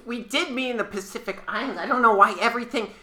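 A woman trades barbs on an improvised comedy panel, her voice bright and clear. She argues indignantly and wanders into long, rambling comparisons. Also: fairly high pitch, fast.

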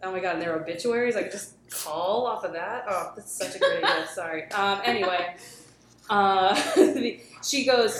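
A woman's voice: mid-range voice, moderate pace. A woman casually telling a long work anecdote on a podcast, full of fillers and restarts. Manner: rambling storyteller, many fillers and restarts. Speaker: guest telling a work story. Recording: roomy echo, faint background noise.

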